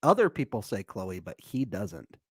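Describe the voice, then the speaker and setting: Dude cohosting a podcast, jokey and deadpan, lively voice, dry mic. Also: male voice, lowish voice, normal speed, slightly rough, no echo. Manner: joking, deadpan asides. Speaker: podcast co-host. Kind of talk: casual recap chat.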